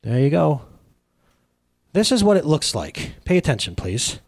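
Lively, husky male preacher. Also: fairly high pitch, measured pace. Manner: energetic, emphatic, conversational preaching. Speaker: pastor. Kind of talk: sermon.

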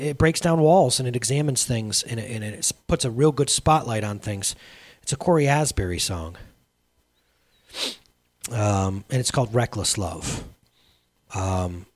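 A male pastor preaching a sermon in an energetic, emphatic, conversational way. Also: mid-range voice.

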